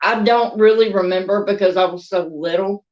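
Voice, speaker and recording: A woman's voice: mid-range voice, fairly even intonation, normal speed, darkish tone, lo-fi sound. A woman with a Southern US accent telling a rambling, chatty story in a casual vlog, with laughs between thoughts. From American South. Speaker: crochet and doll vlogger.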